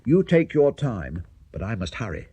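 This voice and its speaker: A man's voice: on the low side, sing-song, dark tone, husky. A man doing a fussy, frazzled clock cuckoo. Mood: flustered. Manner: fussy, anxious and hurried. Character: flustered, overworked little cuckoo in a clock.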